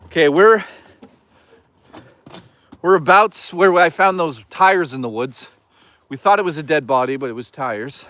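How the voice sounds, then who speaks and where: A man's voice: fairly high pitch, unhurried, pauses often, fairly bright tone, no room sound. A man live-streaming from a woodland hike, rambling and swearing as he jokes and reads chat. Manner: rambling, profane, jokey. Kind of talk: casual live-stream chatter.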